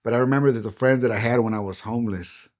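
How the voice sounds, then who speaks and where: A man's voice: medium pitch, very fast, a little mellow. A middle-aged man, a pastor, telling his personal testimony as a podcast guest in an earnest, heartfelt way.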